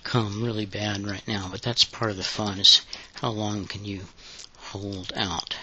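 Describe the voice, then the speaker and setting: Man, flat and bright, breathy halting guide voice, lo-fi. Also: lowish voice, a little hiss or hum. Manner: breathy, halting, unhurried delivery. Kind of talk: intimate guided audio instruction. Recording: dull lo-fi recording.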